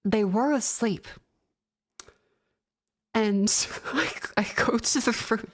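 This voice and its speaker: A woman's voice: fairly high pitch, slow. A woman streamer chatting casually with viewers, telling a rambling, swear-filled story and often laughing. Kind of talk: casual chat.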